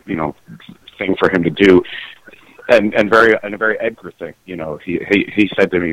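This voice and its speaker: A middle-aged man, a musician, talking in a casual interview, halting and full of restarts and fillers. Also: deep voice, fairly bright tone, no room sound, rough recording. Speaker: musician guest.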